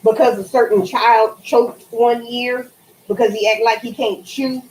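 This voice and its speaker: A woman's voice: on the high side, measured pace, reverberant, a little hiss or hum, poor audio. A woman talking casually and swearing freely while cleaning greens at her kitchen sink for a cooking vlog. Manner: animated, profane, swears freely. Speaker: cooking vlogger.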